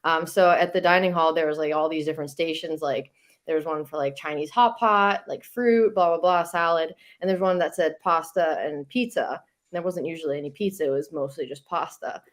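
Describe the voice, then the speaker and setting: A woman's voice: low voice, brisk. A young woman, a podcast guest, chatting casually and telling stories with lots of fillers and laughter. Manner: chatty storytelling with frequent likes and laughs. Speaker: guest, Olympic hockey player.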